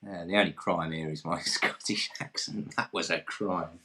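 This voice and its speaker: A man's voice: low-pitched, steady tone, moderate pace, bright, forceful tone. A man from England hosting an online pub quiz, reading questions in a jokey, self-deprecating way. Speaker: quiz host.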